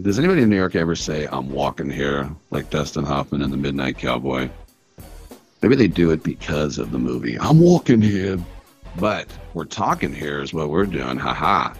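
A man hosting a live sports talk radio show with a jokey, rambling manner and a groggy morning voice. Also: sits low. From San Francisco Bay Area. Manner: jokey, rambling, self-mocking.

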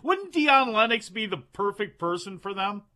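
Man co-host, lively bright voice, dry wry remarks, relaxed banter. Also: sits high, moderate pace. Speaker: wrestling show co-host. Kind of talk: casual podcast chat.

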